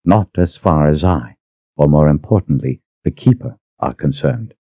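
Guy doing a cold cruel sorceress lady, icy and mocking, low dry voice. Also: animated, normal speed, dry recording, phone-quality sound, full character voice. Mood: cold menace. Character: cold cruel woman sorceress, calm menace.

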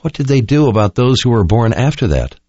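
A man's voice: medium pitch, very animated, a little fast, mellow, slightly rough, no room sound, voice pushed up. Kaelin, a shaken young woman, voiced by a man. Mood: horrified. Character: young woman, compassionate and easily horrified. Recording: dull lo-fi dry recording.

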